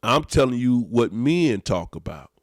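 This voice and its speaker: A man's voice: mid-range voice, big pitch swings, a little slow, dry recording, clean studio sound. A man, a pastor hosting a podcast, preaching emphatically in casual talk and repeating his phrases.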